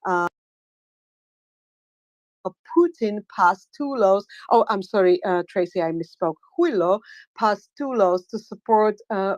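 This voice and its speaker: Woman hosting a live audio room, lots of uhs, gets excited, muffled dry lo-fi sound. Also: mid-range voice, dry recording. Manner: halting, many filler sounds, excitable. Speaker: host.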